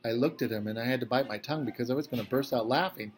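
A man reading a first-person novel aloud to a classroom, easygoing and conversational. His voice sits at a middling pitch, with a faint hum of the room behind him. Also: rapid-fire.

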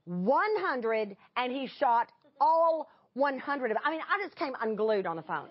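A woman preaching a sermon through a personal story, animated and emotional in her delivery. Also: high voice, normal speed, few pauses, breathy edge, lo-fi sound. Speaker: speaker.

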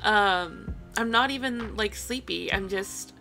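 A woman narrates a voiceover in a chatty, rambling way, full of ums and little asides. Her voice is bright and clear, and she sounds tired. Soft music plays faintly behind her. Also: mid-range voice, takes it slowly. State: yawning, tired. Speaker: video creator.

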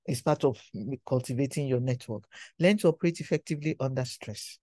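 A man's voice: mid-range voice, fairly quick, darkish tone, no room sound. A man giving an induction lecture to professionals, exhorting them and repeating his key phrases for emphasis.

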